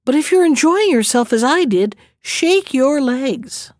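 A woman's voice: high-pitched, animated, unhurried, darkish tone, no room sound, studio quality, pitched above the performer's own voice. A woman voicing a cunning young male thief in a read-aloud storybook, speaking in a mocking, gleeful way.

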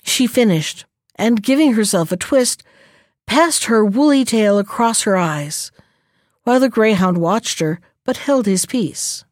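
A woman's voice: a little high, animated, unhurried, dry recording, clean studio sound. Woman reading a fairy tale aloud. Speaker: storyteller.

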